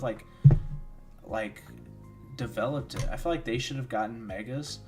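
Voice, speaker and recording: A man's voice: mid-range voice, a little slow, pauses often, music in the background. A tired young man streaming, rambling casually with lots of fillers while he answers chat and commentates games. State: tired, yawning. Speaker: streamer hosting a watchalong.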